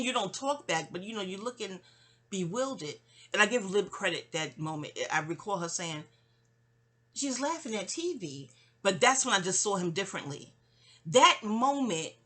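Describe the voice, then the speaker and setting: A woman's voice: fairly low pitch, fairly bright tone. A woman, telling her life story in a rambling, digressive way, often breaking off and circling back. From New York City. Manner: digressive, self-interrupting, sighing asides. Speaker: memoir narrator.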